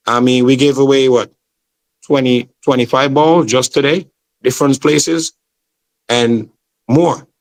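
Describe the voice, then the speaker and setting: This man from Saint Vincent is a football promoter appearing as a guest in a casual interview chat. His voice sits at medium pitch with a steady tone and a measured pace. He talks passionately, repeatedly saying "man" and "bro."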